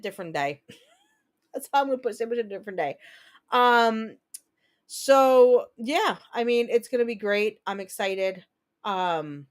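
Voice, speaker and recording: A woman from New Jersey hosting a casual livestream chat, talking in a rambling, profane way and quick to launch into rants. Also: mid-range voice. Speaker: livestream host.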